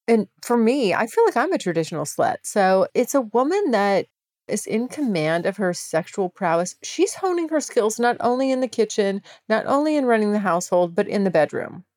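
A woman's voice: mid-range voice, darkish tone, no room sound. Candid woman podcast host, dry close sound. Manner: chatty and candid, with laughs and swearing. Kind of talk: casual solo podcast monologue.

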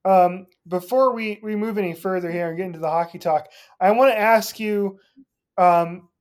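Easygoing amused podcast co-host. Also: male voice, high-pitched, moderate pace. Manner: easygoing, amused, laughs along. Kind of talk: casual chat.

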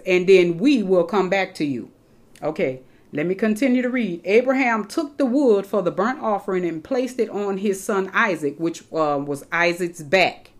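A woman preaching a sermon to her congregation, reading scripture aloud and explaining it with casual, animated asides. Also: medium pitch.

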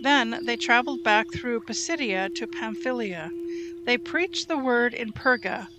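A woman reading Bible passages aloud in a steady, measured way. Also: fairly high pitch, noisy background. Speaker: Bible reader. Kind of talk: scripted scripture reading.

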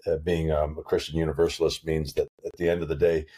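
A podcast host with a low, mellow voice who speaks in a relaxed, unhurried way, pausing often with "uh" and "um" as he finds his words. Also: slightly rough. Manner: relaxed, hesitant, lots of uh and um. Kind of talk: casual podcast conversation.

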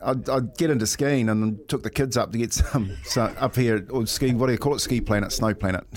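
Kiwi bloke on breakfast radio, laughs a lot, keeps saying mate. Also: male voice, medium pitch, brisk. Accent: New Zealand. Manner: animated storyteller, laughs often, says "mate". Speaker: radio host. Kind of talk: casual radio chat.

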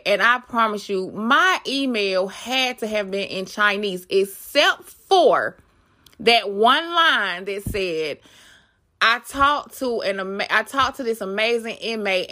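A woman hosting her own podcast, telling a story in a chatty, animated way and talking straight to her listeners. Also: mid-range voice. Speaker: podcast host.

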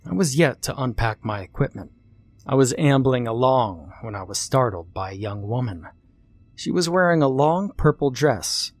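A man telling a first-person horror story, expressive and acting out the dialogue. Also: medium pitch, normal speed, faint music behind.

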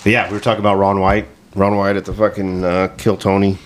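A man's voice: low voice, level tone, fast talker, slight background noise. A man co-hosting a casual podcast, joking around with crude banter. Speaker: podcast co-host. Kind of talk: casual chat.

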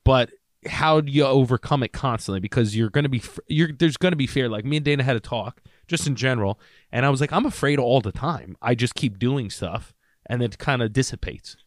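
This man co-hosts a podcast in relaxed conversation. His voice sits at an ordinary middle pitch and sounds close and dry. He rambles through stories with a joking manner. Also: brisk, no echo. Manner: rambling, joking, drops into movie-character quotes. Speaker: podcast co-host. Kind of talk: casual chat.

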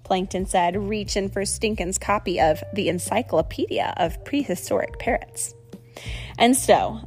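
A woman reading a children's story aloud in an expressive, animated way. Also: mid-range voice.

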